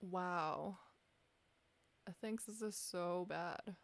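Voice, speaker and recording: In a lowish, creaky voice with drawn-out words, a woman reviews her chess games on stream. She reflects aloud, asks herself questions, and is self-deprecating about her mistakes.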